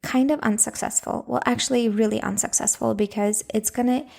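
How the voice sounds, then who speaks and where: Gravelly-voiced woman hosting a podcast. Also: fairly high pitch, fairly even intonation, fairly quick, a little mellow. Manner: casual, direct, keeps asking "okay?". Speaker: podcast host and anger coach for moms. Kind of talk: solo podcast talk.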